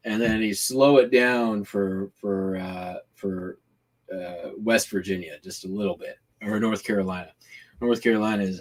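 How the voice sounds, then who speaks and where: A man's voice: on the low side, steady tone, normal speed. A man hosting a casual shipping vlog, talking loosely with lots of fillers while describing hand gestures. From Washington state, US. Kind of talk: casual rambling chat.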